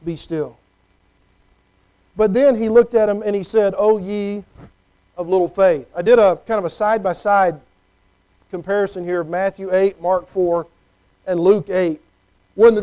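A man's voice: high-pitched, a little mellow, rough recording. A middle-aged man preaching a conversational sermon, often checking in with "okay?". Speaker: pastor.

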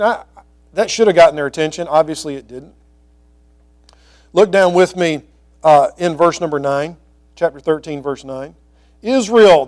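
A male pastor teaching through scripture verse by verse, reading the old text slowly and explaining it in quick, conversational asides. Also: a little high, a little mellow.

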